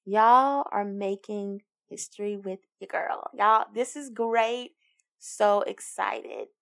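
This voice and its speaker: A woman's voice: mid-range voice, slow pace, gravelly, fairly bright tone. A woman, hosting a casual solo podcast in an upbeat, encouraging, giggly way. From Alabama, US. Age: 20s. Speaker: podcast host.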